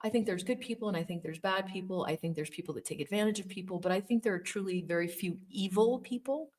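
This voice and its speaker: A woman's voice: mid-range voice, quick pace, a little mellow. A middle-aged woman telling a personal story in an earnest, emphatic way, repeating words for stress. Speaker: former Jehovah's Witness telling her story.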